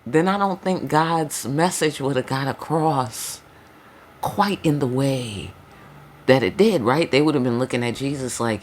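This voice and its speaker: A woman's voice: low-pitched, animated, unhurried, slight background noise. A woman giving a casual spiritual tarot reading, talking loosely in slang, with frequent emphatic check-ins to her listeners. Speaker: tarot reader.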